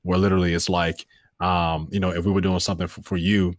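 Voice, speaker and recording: A man's voice: low voice, level tone, fast talker, no echo, studio quality. A man in his thirties, a voiceover artist talking as a podcast guest, reflective and earnest, with many fillers and restarts. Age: 30s. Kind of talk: casual podcast conversation.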